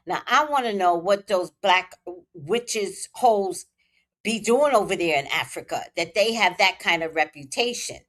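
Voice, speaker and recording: Low-voiced lady chatting slow bout celebrity drama, asks viewers stuff. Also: animated, fairly bright tone. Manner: speculative, talks straight to viewers. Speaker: tarot reader and commentator. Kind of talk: casual gossip commentary to camera.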